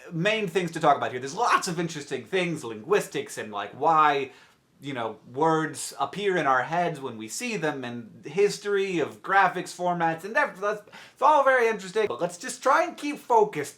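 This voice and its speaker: A young man who has just woken up, giving a rambling, animated explanation to camera with self-interrupting asides. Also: fairly high pitch. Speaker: vlogger. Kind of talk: casual explainer talking to camera.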